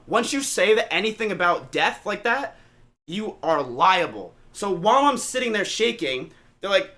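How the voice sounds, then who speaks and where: A man's voice: sits high, normal speed. A man streamer telling a story to his chat, casual and profane, acting out what people said. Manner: animated, profane, acts out quotes.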